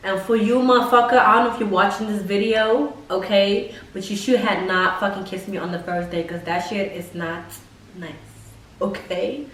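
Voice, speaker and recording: A woman vlogger telling a casual storytime, blunt and profane, ranting with animated emphasis. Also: medium pitch, normal speed, a little hiss or hum. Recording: roomy echo, distant mic, faint ambience.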